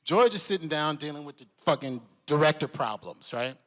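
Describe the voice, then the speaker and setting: A man, an actor, telling a casual, animated story on a convention panel and acting out other people's voices as he goes. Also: fairly high pitch, fairly quick. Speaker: actor guest.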